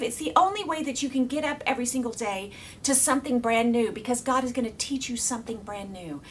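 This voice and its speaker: A middle-aged woman gives an informal faith talk to her viewers, bright and animated, laughing easily and sometimes falling to a whisper. Her voice sits a touch high. She is recorded a little away from the mic, with a faint rumble underneath. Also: far from the mic. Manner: animated, laughs often, drops to a whisper for emphasis. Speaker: Christian video teacher. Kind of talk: casual faith teaching to camera.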